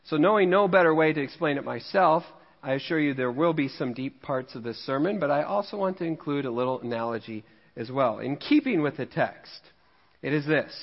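A man's voice: fairly high pitch, a little fast. A man from Missouri preaching a sermon as pastor, telling a fishing story in a conversational, self-mocking way with frequent laughs. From Missouri, USA. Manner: jokey, conversational, laughs at himself. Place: church sanctuary. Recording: dull, long-reverb church hall recording.

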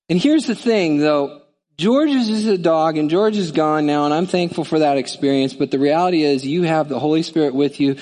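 Brief: a man preaching from the pulpit, lively and conversational, slightly higher-pitched voice. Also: in a large hall. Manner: animated, conversational, acts out voices. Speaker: pastor. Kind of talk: sermon.

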